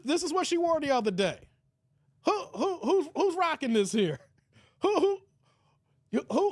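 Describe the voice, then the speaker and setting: A man hosting a casual livestream, reading chat comments in an animated way, with stuttered repeats and frequent laughter. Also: extremely high pitch, dry recording, clean studio sound. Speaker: livestream host.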